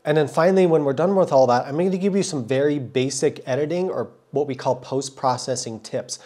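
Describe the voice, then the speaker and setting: A man's voice: mid-range voice, brisk, dark tone. Motorcycle vlog host, man, under a cold, friendly and thorough, walks through gear step by step. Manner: friendly, thorough, repeats words for stress. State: has a cold. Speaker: motorcycle vlogger. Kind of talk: casual explanatory vlog talk.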